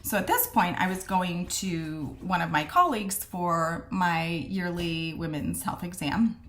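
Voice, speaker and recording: A woman's voice: on the low side, a little slow, a little hiss or hum. A middle-aged woman, a midwife, telling her story casually and candidly, acting out the things people said to her. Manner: candid and animated, acts out quoted exchanges.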